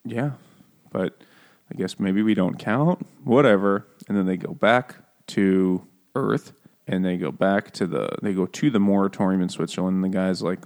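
Laughing low-voiced man joking about a book. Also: normal speed. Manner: jokey, laughing often, animated quoting of characters. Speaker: podcast co-host. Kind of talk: casual book discussion.

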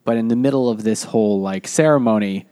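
Low-voiced man rambling through a plot recap. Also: fairly quick, warm tone. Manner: rambling plot summary with many fillers. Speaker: podcast co-host. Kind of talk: casual book club chat.

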